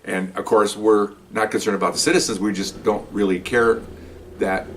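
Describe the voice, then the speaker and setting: A retired police officer, an older man, telling a story from his patrol days in a casual, animated way, often repeating words and checking in with "okay?". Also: on the low side, normal speed, a little hiss or hum.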